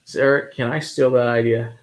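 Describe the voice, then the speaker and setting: A man from Texas with a Texan accent, co-hosting a whiskey show in relaxed, joking chat and swearing freely. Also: medium pitch, a little fast. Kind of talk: casual chat.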